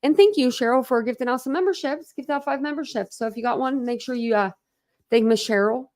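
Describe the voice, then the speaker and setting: A woman's voice: sits high, a little fast, a little mellow. A woman from Ohio hosting a casual livestream chat, talking in a chatty, rambling way with many fillers. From Ohio, USA. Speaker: livestream host.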